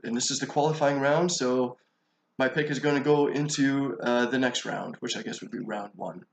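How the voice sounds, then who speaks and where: A man's voice: medium pitch, moderate pace, creaky. A man hosting his own channel, announcing his pick in a loose, rambling way. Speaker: channel host. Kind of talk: casual vlog commentary. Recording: echoey room.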